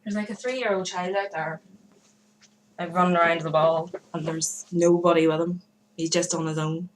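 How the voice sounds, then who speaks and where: A young woman rambles to camera from her room at home, giving shout-outs to forum members with plenty of fillers, restarts and hesitation. Her voice is lowish and fairly even in intonation at a normal speed, and the poor audio has slight background noise.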